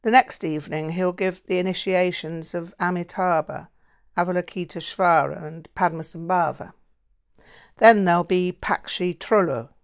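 A woman's voice: lowish voice, fairly even intonation, smooth, close to an everyday voice. A woman reading as a patient, well-informed Buddhist woman. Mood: explaining. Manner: explanatory, measured. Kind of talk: audiobook reading.

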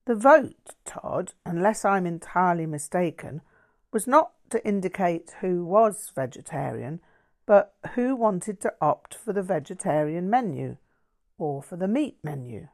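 A woman narrating a first-person memoir aloud in a dry, wry, measured way. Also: fairly low pitch, expressive, darkish tone. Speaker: audiobook reader.

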